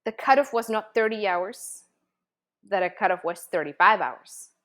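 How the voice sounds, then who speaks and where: A woman tells a personal story in a mid-pitched voice. She talks with earnest feeling, leans on casual fillers, and often restarts her sentences. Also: normal speed, a bit bright. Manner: emotional, earnest, many fillers. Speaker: host.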